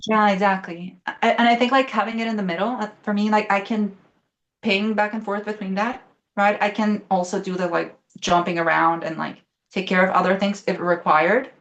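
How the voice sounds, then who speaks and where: A young woman in casual conversation, talking at an even middle pitch. She rambles through a story at a brisk clip, full of fillers and restarts, with the occasional swear word. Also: dull audio. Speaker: guest.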